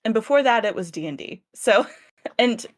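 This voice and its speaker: A woman's voice: fairly high pitch, lively intonation, moderate pace. Giggly, bubbly woman interviewer. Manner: giggly, bubbly, stumbles over words. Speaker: vtuber interviewer. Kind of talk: casual interview chat.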